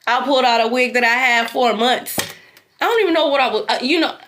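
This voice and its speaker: Bright high-voiced woman telling a dream. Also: fast, slight background noise. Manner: animated, slangy, swears freely, addresses viewers as y'all. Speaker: intuitive tarot reader. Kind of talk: casual storytelling vlog.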